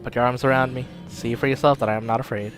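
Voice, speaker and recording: A man doing a calm soothing woman. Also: mid-range voice, faint music behind, close to an everyday voice. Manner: soft, reassuring, slow.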